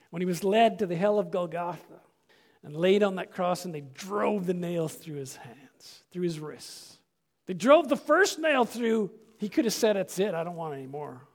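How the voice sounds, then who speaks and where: A male pastor delivers a sermon with a strikingly high-pitched voice. He moves between quiet, hushed stretches and loud, shouted climaxes, telling the story with dramatic intensity.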